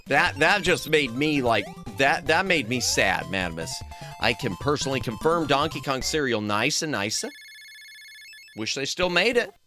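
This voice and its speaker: Male streamer, young adult, chatty and jokey, bright tone, faint game music under him. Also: mid-range voice, big pitch swings, moderate pace. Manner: joking, chatty, reads chat aloud, yelps at deaths. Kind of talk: casual gaming stream chat.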